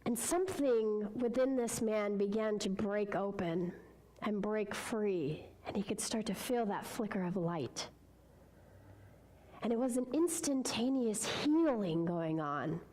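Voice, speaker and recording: A woman's voice: mid-range voice, slow pace, dark tone, a little hiss or hum, rough recording. A woman speaker telling a parable in a sermon at a spiritual center, earnest and heartfelt. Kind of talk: sermon storytelling.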